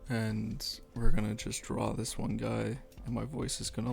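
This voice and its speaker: Male streamer, casual and rambling, self-mocking humor, gravelly voice, into a streaming mic. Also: on the low side, little pitch movement, moderate pace, hardly any pauses, darkish tone, soft background music. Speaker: streamer drawing live. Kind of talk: casual livestream chat while animating. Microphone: streaming microphone.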